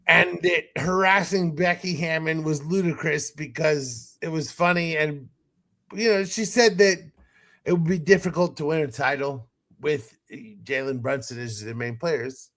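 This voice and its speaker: A man with a notably high speaking voice holds forth as a podcast host, ranting with plenty of swearing. He breaks into laughter at his own stories as he goes. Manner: animated, profane ranting with laughing asides. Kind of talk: casual chat.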